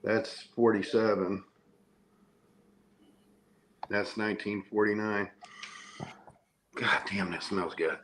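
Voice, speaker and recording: A man's voice: fairly low pitch, steady tone, takes it slowly, pauses often, fairly bright tone, a little hiss or hum. Rambling middle-aged man hosting a chat. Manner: rambling, enthusiastic show-and-tell. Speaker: podcast host. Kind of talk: casual chat showing comics.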